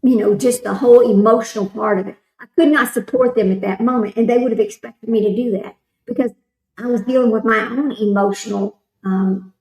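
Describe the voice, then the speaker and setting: A chatty woman talks casually to her stream audience, wandering from one thought to the next. Her voice sits a little higher than most. The room around her has a noticeable echo. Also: fairly even intonation, a little fast, dark tone. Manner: rambling, chatty, reads chat comments aloud. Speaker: livestream host commenting on a trial. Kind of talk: casual chat with live chat readers.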